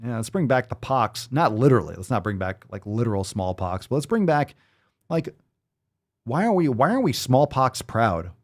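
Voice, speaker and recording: A man's voice: mid-range voice, very animated, moderate pace, darkish tone. A man hosting a podcast, giving profane, sarcastic commentary as he reads posts and articles aloud. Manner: sarcastic, mocking, emphatic. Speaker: podcast host.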